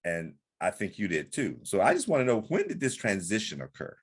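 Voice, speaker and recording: A man's voice: on the low side, wildly swooping pitch, a little fast, slightly rough. A man co-hosting a podcast, talking politics in an earnest, emphatic way with frequent restarts. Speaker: podcast co-host. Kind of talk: political discussion.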